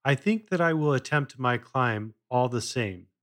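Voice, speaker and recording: A man's voice: mid-range voice, unhurried. A man reading as a polite determined boy. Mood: polite, firm. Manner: polite, calm.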